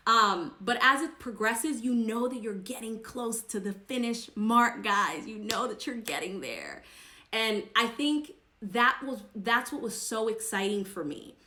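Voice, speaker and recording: A woman's voice: a little high, lively intonation, measured pace, bright, forceful tone. A woman vlogger sharing a personal story to camera in an earnest, emphatic, chatty way. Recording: echoey room.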